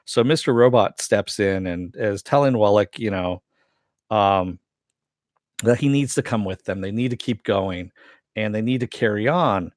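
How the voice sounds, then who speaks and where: A man's voice: a little slow, no echo, studio quality. A man giving a casual, rambling recap of a TV episode, full of fillers and chuckles. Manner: loose storytelling with many fillers, chuckles often; voices the characters' lines with a lifted pitch. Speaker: TV reviewer.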